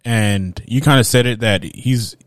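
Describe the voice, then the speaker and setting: A man's voice: mid-range voice, unhurried, no echo. A man co-hosting a casual film podcast, laid-back and chuckling, often trailing off mid-sentence. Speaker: podcast co-host.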